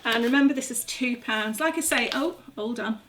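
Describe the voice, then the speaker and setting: Woman, middle-aged, slightly high voice, chatty kitchen demo, self-mocking, noisy background. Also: moderate pace, fairly bright tone. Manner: chatty, self-mocking, talks while working. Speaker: gardening vlogger. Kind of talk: casual cooking demonstration. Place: home kitchen. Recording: audible background noise.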